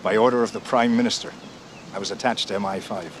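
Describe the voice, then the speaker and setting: A man's voice: fairly low pitch, fairly even intonation, quick pace, lightly acted. A man playing a sly, teasing secret agent. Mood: amused. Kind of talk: television drama acting. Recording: noisy TV soundtrack.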